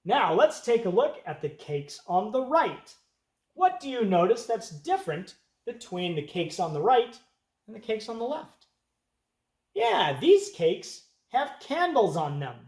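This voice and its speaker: Music teacher, young kids' lesson, slow patient counting, lively pitch, roomy echo.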